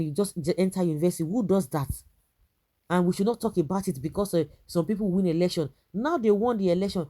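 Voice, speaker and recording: A woman's voice: mid-range voice, warm tone. A woman with a Nigerian accent giving indignant political commentary, firing rhetorical questions and restarting her sentences.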